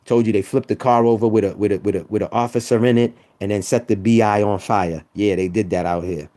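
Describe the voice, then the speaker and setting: A man's voice: fairly low pitch, steady tone, fast talker, dark tone. A man trash-talking rival sports fans on a live stream, teasing and repeating himself for emphasis. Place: home room.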